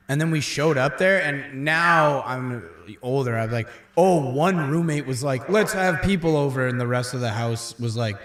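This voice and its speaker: A man's voice: medium pitch, moderate pace, few pauses, a bit bright. Rambling self-deprecating man, echoey room. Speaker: comedian co-host. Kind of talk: casual late-night chat.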